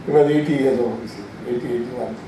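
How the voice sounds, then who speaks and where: A man's voice: mid-range voice, steady tone, fast talker, dark tone, slight background noise. A man in his eighties with an Indian English accent, giving a rambling, anecdotal inaugural speech in a large hall, full of restarts and self-corrections. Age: 80s. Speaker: scientist giving an inaugural address. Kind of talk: informal speech. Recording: very echoey hall from far off.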